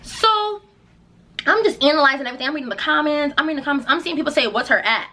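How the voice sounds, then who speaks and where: A young woman telling a casual storytime vlog, acting out her own quotes with big jumps in pitch. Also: expressive, fast, bright, forceful tone. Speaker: singer and vlogger.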